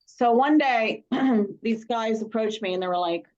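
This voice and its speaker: A woman chatting on a video call, telling a story in an animated way with frequent laughs. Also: fairly high pitch, a little slow, a little hiss or hum. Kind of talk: casual video call chat. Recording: dull lo-fi call audio.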